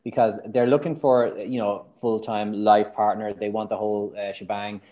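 The recording is muffled, and the man's voice sits on the low side at an ordinary pace. A matchmaker from Ireland, he's being interviewed on a podcast, recounting candid tales with energy and voicing his clients' words.

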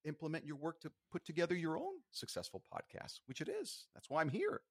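Man guesting on a podcast, earnest and pep-talky, lively up and down voice, dry close sound. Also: a little high, brisk, husky, dry recording. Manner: earnest, motivational, rambling restarts. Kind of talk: casual podcast interview.

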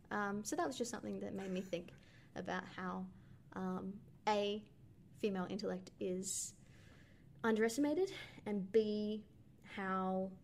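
Young female podcast co-host, average pitch, rambling and thoughtful, faint noise behind. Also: vocal fry, darkish tone. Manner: thoughtful, rambling with many ums and likes. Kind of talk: casual film discussion.

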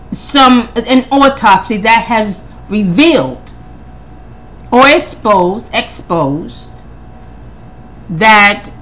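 An animated woman with a fairly high, lively voice hosts a podcast, offering casual commentary from her handwritten notes. She fires off pointed questions in rapid succession and doubles back on her words, carrying a preacherly Christian conviction.

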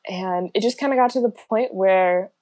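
A woman's voice: mid-range voice, moderate pace, warm tone, dry recording. A young woman chatting casually as a podcast guest, laughing often and filling with lots of likes and ums. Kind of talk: casual chat.

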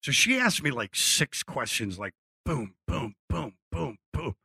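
Man from Philly, bright dry voice, lively anecdote teller who acts out dialogue. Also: mid-range voice, unhurried, vocal fry, slightly rough, dry recording. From Philadelphia. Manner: animated storyteller acting out quotes, swears freely. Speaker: guest telling a story. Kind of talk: casual anecdote.

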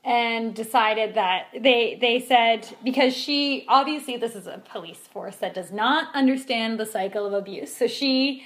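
Indignant woman podcaster, higher voice. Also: unhurried, few pauses. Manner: animated and indignant, frequent fillers and laughs. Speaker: podcast co-host. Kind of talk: casual discussion podcast.

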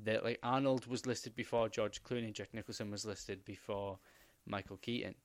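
A man hosting a podcast, telling stories in a rambling, animated way with many fillers. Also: lowish voice, normal speed, dry recording. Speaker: podcast host. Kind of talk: casual chat.

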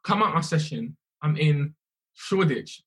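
A young man, a musician telling his story in a casual, animated way, often repeating himself. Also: fairly high pitch, measured pace. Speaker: musician guest.

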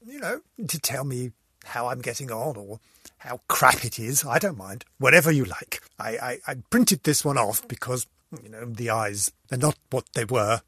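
An older man from England hosting a comic podcast in a theatrical, camp, teasing way, swinging between loud and soft. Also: medium pitch, animated, moderate pace, breathy edge, no room sound, studio quality. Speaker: podcast host.

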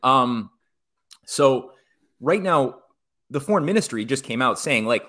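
A male guest giving political commentary in conversation, rambling with frequent restarts and animated asides. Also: mid-range voice, measured pace, long pauses.

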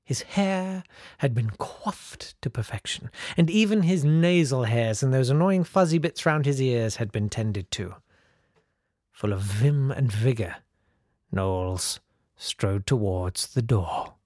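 A man's voice: mid-range voice, expressive, unhurried, warm tone, no echo, studio quality. Man reading aloud with jokey asides. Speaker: comedy podcast host reading aloud.

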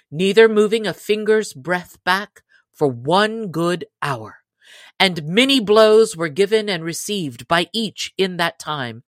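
A woman narrating an old adventure tale in a measured, expressive reading. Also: fairly low pitch, no room sound, studio quality. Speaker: audiobook narrator. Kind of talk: storybook reading.

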